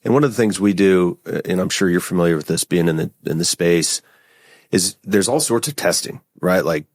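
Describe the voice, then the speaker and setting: A man speaking as a podcast guest in a very deep voice, casual and easygoing, often tagging his points with "right?". The sound is dry and close to the mic. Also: a little fast, no room sound. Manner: casual, frequent "right?" and "like" fillers. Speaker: podcast guest, company founder. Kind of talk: conversational interview.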